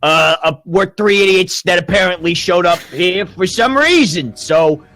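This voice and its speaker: A man playing a tabletop game, joking around with quick rambling asides. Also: high voice, lively intonation, pushed and bright. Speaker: player.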